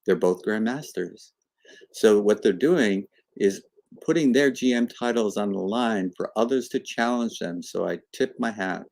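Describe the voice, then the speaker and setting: A man commenting live on a chess game with a lowish voice and lots of energy. He walks through the moves and voices both players' thinking as if they were chatting. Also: vocal fry. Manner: animated, acts out the players as if talking.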